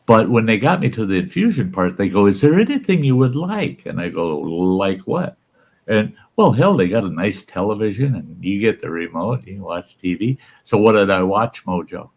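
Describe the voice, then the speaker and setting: A man casually telling a salty, folksy story, voicing the people in it with lively shifts. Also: deep voice, moderate pace, gravelly, husky. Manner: folksy, salty, animated when quoting others. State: undergoing cancer treatment. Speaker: channel host telling stories.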